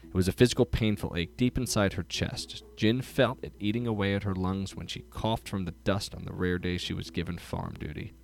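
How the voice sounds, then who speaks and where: A man giving a casual book review and reading passages aloud in steady narration. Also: deep voice, a little fast, creaky, hardly any pauses.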